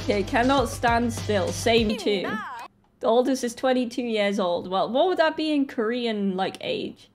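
A chatty woman in her twenties from Britain talks her way through a video she is watching. Her voice sits slightly high and she laughs easily between remarks. Faint music runs underneath her. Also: expressive, unhurried. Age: 20s. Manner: chatty, laughs often, reacts aloud. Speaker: reaction video host. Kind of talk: casual reaction commentary.

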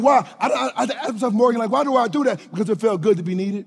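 A middle-aged male pastor, preaching a lively sermon that swings from shouts to hushed low lines. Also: fast, creaky, husky. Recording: hall reverb.

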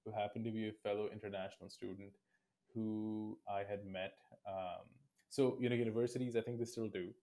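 Guy in his 20s from india, low mellow voice, thoughtful easygoing answers. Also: flat delivery. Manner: reflective, thoughtful, unhurried. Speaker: guest. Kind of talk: casual interview.

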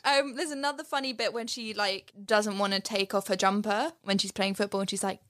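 A woman's voice: medium pitch, fairly even intonation, brisk, few pauses, fairly bright tone, no echo, clean studio sound. A woman co-hosting a podcast in an upbeat, giggly casual chat. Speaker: podcast co-host.

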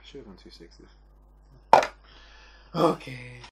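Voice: mid-range voice, animated, extremely slow, creaky, heavy background noise. Giggly teasing game host. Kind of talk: casual game banter.

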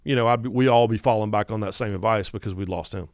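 Male, 50s, North Carolina Southern accent, animated podcast storyteller, dry studio sound. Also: fairly low pitch, quick pace, dry recording. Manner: animated storyteller who acts out quotes. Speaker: guest podcast host.

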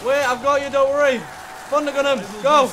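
A young man hosting casual co-op gameplay commentary, excitable and jokey, shouting at the big moments. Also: very high-pitched, a little fast, slight background noise. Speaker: gaming channel host.

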